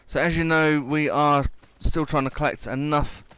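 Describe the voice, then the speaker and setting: A man's voice: on the high side, fairly even intonation, normal speed, a bit bright, clear, resonant tone. A man giving casual, rambling gameplay commentary and reading mission text aloud.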